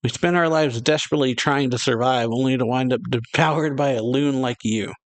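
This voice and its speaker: A man's voice: medium pitch, fairly quick, natural voice. A man voicing a dryly sarcastic, weary male vampire. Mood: wry.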